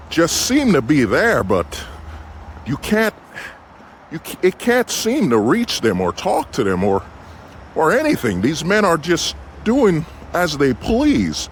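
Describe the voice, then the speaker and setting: A man putting on the voice of an excitable male TV news reporter who keeps asking alarmed questions. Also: high voice, a little hiss or hum. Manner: alarmed, repeated rhetorical questions.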